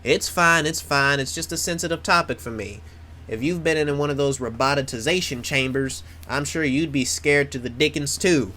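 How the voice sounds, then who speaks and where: A man's voice: a little high, normal speed, sharp tone, slight background noise. A man voicing a sassy female rabbit fighter with an exaggerated put-on country drawl. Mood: scolding.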